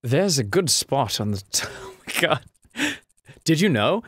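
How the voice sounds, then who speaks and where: A man voicing a goofy, cheeky young male classmate in a casual dating-game fan dub, with a deadpan manner. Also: a little high, a little slow.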